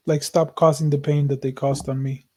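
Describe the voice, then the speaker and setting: Man, podcast co-host, earnest, searching, repetitive, swears, mellow tone, flat pitch. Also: moderate pace. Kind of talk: casual heartfelt conversation.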